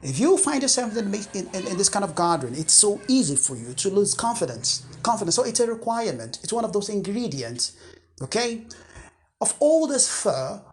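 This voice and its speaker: A coach speaks in an unscripted talk to camera, pitched at an ordinary middle height. The delivery is earnest and emphatic, with key words said twice. Sentences often restart partway through. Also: sing-song, moderate pace. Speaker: English accent coach.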